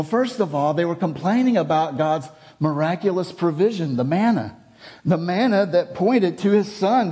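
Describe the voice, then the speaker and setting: A man's voice: high voice, darkish tone. A man preaching a sermon, reading scripture aloud and explaining it with rhetorical questions and repetition.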